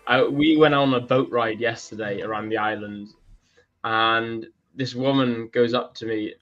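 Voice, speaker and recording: A man telling travel stories in a casual live-stream chat, lively and quick to laugh. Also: mid-range voice, muffled recording. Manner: animated storyteller, laughs often. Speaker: co-host. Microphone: video call or stream setup.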